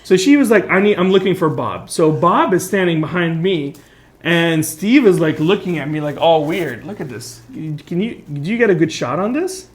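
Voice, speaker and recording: A man with a slightly higher voice tells a spooky story in easygoing chat. He rambles with lots of fillers and acts out the people in his tale. He talks from a studio while makeup is done on him. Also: normal speed, noisy background. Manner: animated, filler-heavy storytelling with acted quotes. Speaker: storyteller and co-host.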